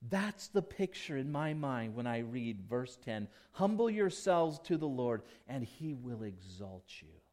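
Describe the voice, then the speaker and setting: A male pastor preaching a sermon, emphatic, with big swings between quiet and loud. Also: very animated. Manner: slow, emphatic preaching with dramatic swings in volume and pitch.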